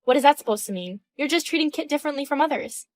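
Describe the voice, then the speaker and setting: A woman's voice: sits high, expressive, quick pace, no room sound. A woman in her thirties voicing a composed, indignant wife in a text-message story, firm and questioning. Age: 30s.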